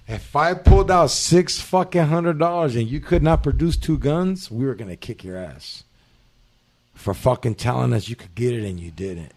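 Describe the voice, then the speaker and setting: A man's voice: mid-range voice, normal speed. A man hosting a podcast, telling profane street stories in casual chat and acting out the people he quotes. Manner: animated, profane, acts out quoted voices. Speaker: podcast host. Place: studio.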